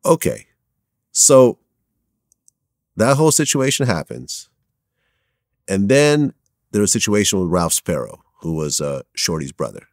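A man hosting an interview, recapping events in a measured way before asking questions. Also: low voice, sing-song, dry recording, studio quality. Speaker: interview host.

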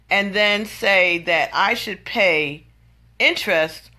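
A woman's voice: mid-range voice, slow pace, sharp tone. A woman venting in an exasperated, incredulous storytelling monologue. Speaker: vlogger.

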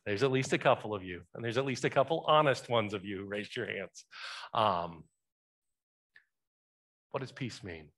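Bright-voiced male pastor preaching. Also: fairly low pitch, normal speed, long pauses. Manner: conversational, asks the congregation questions. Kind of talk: sermon. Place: church sanctuary.

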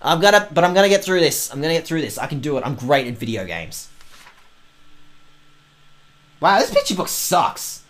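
A let's play host reading game text aloud and mocking it sarcastically, swearing and yelling back at the characters. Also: medium pitch, fast talker.

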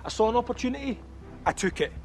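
A man's voice: very high voice, animated, fast, creaky, faint music behind, full character voice. A man with a Scottish accent playing a bitter, resentful male constable, curt and defensive. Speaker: police constable.

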